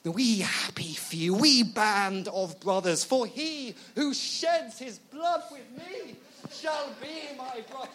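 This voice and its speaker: A heroic warrior king, as a preacher puts him on, declaims with slow, theatrical grandeur. His delivery rises loud and lofty as he rallies his men. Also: extremely high pitch, voice pushed up, full character voice. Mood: rousing. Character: rousing heroic male king rallying his troops.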